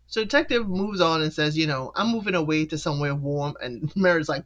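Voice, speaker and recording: A host recapping a TV episode in casual chat, acting out characters' lines with jumps in pitch and laughing between points. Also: lively intonation, normal speed, a bit bright.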